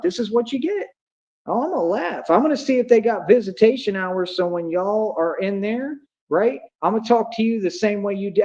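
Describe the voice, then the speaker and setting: A man with a fairly high voice for a man, ranting to his livestream chat in an agitated, accusatory tone. He taunts and scolds the people he addresses. The audio is muffled and lo-fi. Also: darkish tone. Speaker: livestream host.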